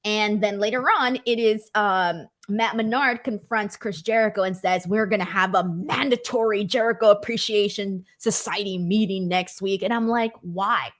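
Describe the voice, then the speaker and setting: A woman's voice: mid-range voice, steady tone, moderate pace, hardly any pauses. A woman hosting a casual wrestling recap, chatty and enthusiastic, with plenty of filler words. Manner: chatty, enthusiastic, lots of likes. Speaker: host.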